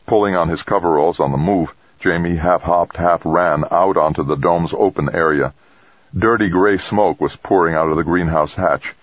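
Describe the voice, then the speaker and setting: A man narrating a science fiction story in a steady, dramatic reading. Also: a bass voice, no room sound. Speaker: audiobook narrator. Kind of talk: scripted narration. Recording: dull, dry close recording.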